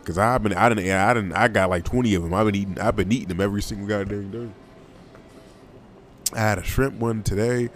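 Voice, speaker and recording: A young man hosts his own podcast alone, talking in a loose and wandering way. His voice sits a bit low, and he leans on slang and repeats phrases as he goes. Faint ambience hums behind the recording. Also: fairly even intonation, brisk, slight background noise. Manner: rambling, loose, slangy, often laughs and repeats himself. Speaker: podcast host. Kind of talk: casual solo podcast monologue.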